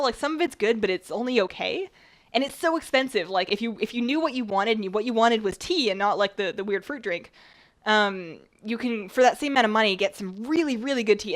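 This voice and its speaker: A woman chatting casually while she bakes on a stream, rambling a bit, her voice slightly rough at the tail end of a cold. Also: on the high side. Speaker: baking streamer. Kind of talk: casual chat while baking.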